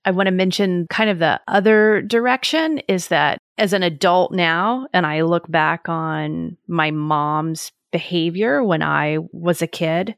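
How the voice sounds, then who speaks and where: A woman's voice: on the low side, a little slow, few pauses, smooth, no room sound. Reflective woman cohost, dry close mic. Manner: reflective, personal anecdotes. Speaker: podcast cohost. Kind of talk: casual podcast conversation.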